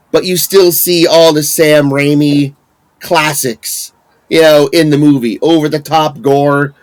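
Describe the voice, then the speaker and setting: A man in his thirties co-hosting a casual podcast, ranting with lots of swearing and laughter. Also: on the high side. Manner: ranting, profane, laughs often. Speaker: podcast co-host.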